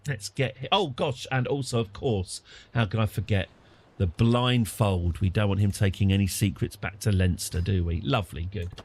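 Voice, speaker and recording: A British man streaming a strategy game, chatting through it and getting excited and apologetic in turns. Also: mid-range voice. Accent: British English. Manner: chatty, easily excited, apologetic after outbursts. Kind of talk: live game commentary.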